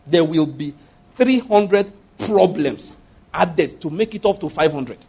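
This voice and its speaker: A man preaching an animated sermon, his voice husky and a little high for a man. He repeats his points and keeps asking the listeners whether they follow. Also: takes it slowly. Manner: animated preaching, acting out prayers and dialogue; repeats phrases and asks the audience for agreement. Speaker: pastor.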